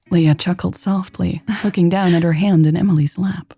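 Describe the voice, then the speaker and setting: A woman narrating a romance story in a steady, unhurried scripted reading. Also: fairly low pitch, breathy edge, no room sound, clean studio sound. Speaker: audiobook narrator.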